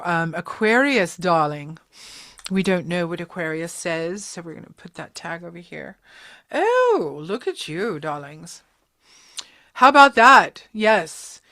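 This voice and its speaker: A woman's voice: on the low side, fairly bright tone. A woman gives a casual tarot reading straight to her viewers. She is chatty and emotional, and she wanders into side notes. She keeps calling her audience darling and sweeties. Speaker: tarot reader.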